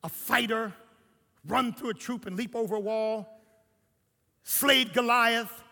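An older man preaching a sermon, telling his story and swinging between hushed lines and shouts. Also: very high voice, takes it slowly, vocal fry, in a large hall.

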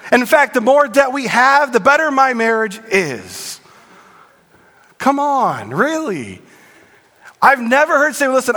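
Middle-aged pastor, high voice, lively and joking, hall reverb. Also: male voice. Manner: animated, joking with the congregation. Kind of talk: sermon. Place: church sanctuary. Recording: long reverb in a large hall.

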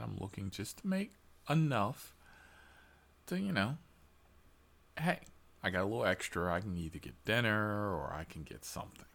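A man's voice: low voice, gravelly, a bit bright. A man telling a story to his followers as a heated, profane rant, full of emphasis and asides. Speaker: military veteran driver telling a story.

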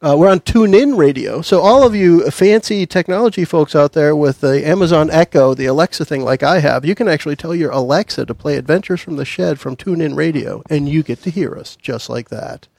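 A man's voice: on the high side, fairly quick, creaky, few pauses, a little mellow, no echo. A man hosting a tabletop game podcast, chatting casually and upbeat with his players, a little self-deprecating. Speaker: podcast host.

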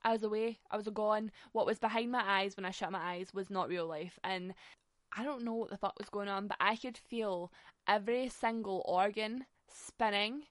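A woman's voice: medium pitch, normal speed, dry recording, studio quality. A young woman telling a funny story in a chatty way, swearing freely and laughing often. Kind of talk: casual storytelling monologue.

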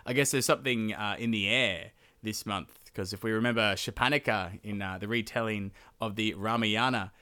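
A man's voice: on the low side, normal speed, hardly any pauses, pushed and bright, smooth. A male podcast host casually retelling an old legend on his own, chatty and irreverent, with plenty of filler "uh"s. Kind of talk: casual solo storytelling.

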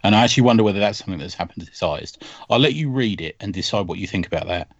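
A man's voice: on the low side, very fast, no room sound, lo-fi sound. A man on a podcast, chatting casually about comics, telling stories with laughs and acting out quoted lines. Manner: animated storytelling, laughs often, acts out quoted lines. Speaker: podcast host.

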